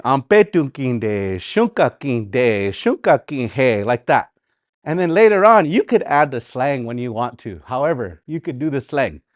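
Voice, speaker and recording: A man with a Canadian Dakota community accent, teaching a live online language class in a relaxed, conversational way, repeating example words and going off on friendly asides. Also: fairly high pitch, no echo. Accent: Canadian Dakota community English.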